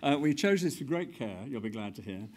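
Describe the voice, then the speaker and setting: A man's voice: medium pitch, big pitch swings, fairly quick, a little mellow. A man conducting an onstage interview, setting up clips and prompting his guest. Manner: well-prepared, prompting questions. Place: stage event before an audience.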